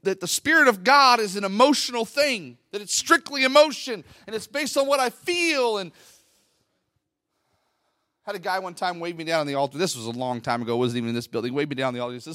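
A middle-aged male pastor preaching a Pentecostal sermon into a microphone in a church, talking conversationally and then swelling into loud, fervent bursts. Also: high-pitched, lively intonation, fast, dry recording, clean studio sound. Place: church sanctuary. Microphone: handheld microphone at the pulpit.

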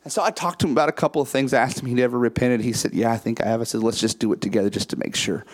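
A man, preaching and telling a story, acting out quoted dialogue in a lower voice and rising to high, emphatic peaks. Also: fairly even intonation, racing. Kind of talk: sermon storytelling.

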